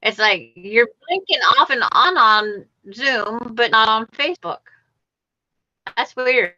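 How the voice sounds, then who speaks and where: A woman's voice: fairly high pitch, lively intonation, slow, pushed and bright, no room sound. A woman hosting a casual video-call chat, giving running commentary on what she sees on screen. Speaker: livestream host. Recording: muffled, dry online call audio.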